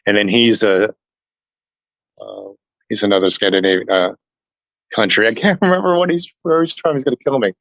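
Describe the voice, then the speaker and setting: A man telling a personal story to an interviewer in a casual chat, earnest and animated, acting out what others said. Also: on the low side, normal speed, gravelly, long pauses, no room sound, highs cut off. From family heritage is Norwegian. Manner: earnest, animated retelling that acts out other people's lines. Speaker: interview guest.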